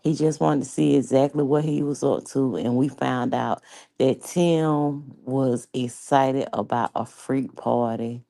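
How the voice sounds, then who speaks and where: Low gravelly woman telling a wild story. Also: unhurried, low-quality recording. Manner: animated, profane, laughing, slangy. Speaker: vlogger. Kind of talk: casual storytime.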